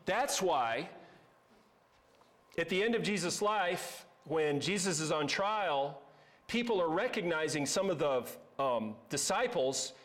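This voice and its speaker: High, lively male preacher. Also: slow pace. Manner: conversational, emphatic preaching with asides. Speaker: pastor. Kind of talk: sermon.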